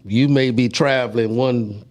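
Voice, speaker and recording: A man co-hosting a relationship talk show, speaking in a relaxed, conversational way. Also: medium pitch, unhurried. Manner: relaxed, conversational, some restarts. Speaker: co-host.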